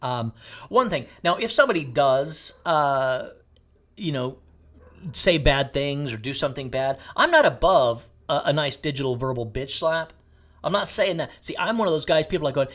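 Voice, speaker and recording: A man's voice: fairly high pitch, lively intonation, normal speed, fairly bright tone. A middle-aged man from Texas, a podcast host giving a blunt, jokey motivational monologue.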